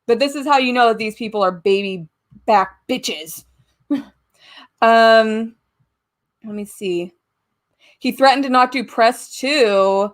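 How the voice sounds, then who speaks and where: A young woman chats slowly and loosely to her viewers on a live stream from home. Her voice sits a little high, and she breaks into giggles and casual swearing as she goes. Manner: chatty, giggly, casually profane. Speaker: YouTube live-stream host.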